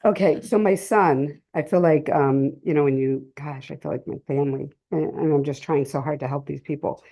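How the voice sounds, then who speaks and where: A middle-aged woman speaks in a low, mellow voice, sharing a personal testimony with a live audience. Her delivery is emotional and halting, full of pauses and restarts. The talk was recorded at a community cultural center. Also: fairly even intonation. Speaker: speaker sharing a family story at a drug-prevention session.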